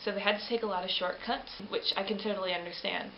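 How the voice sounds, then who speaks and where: A woman vlogger chatting casually about a film she reviews, animated and rambling, often correcting herself mid-sentence. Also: medium pitch, quick pace. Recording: roomy, dull lo-fi webcam audio with faint hiss.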